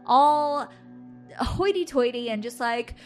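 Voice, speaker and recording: A woman co-hosting a podcast, telling a personal story in casual chat. She laughs often and acts out her own past lines with lively energy. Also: high-pitched, takes it slowly, soft background music. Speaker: podcast co-host.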